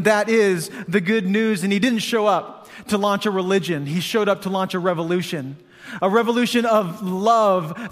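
A man preaching a sermon as pastor, talking conversationally and asking the congregation rhetorical questions. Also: high-pitched. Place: church hall. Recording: long hall reverb.

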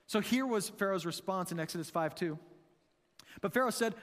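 High-voiced pastor guy preaching, chatty, lots of "right?", long echo like a big church. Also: a little fast. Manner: conversational, asks the room rhetorical questions. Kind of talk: sermon.

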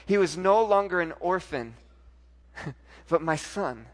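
A pastor preaching a sermon, telling a personal story, moving from soft, intimate lines to loud, emphatic ones. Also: male voice, high voice, lively intonation, takes it slowly.

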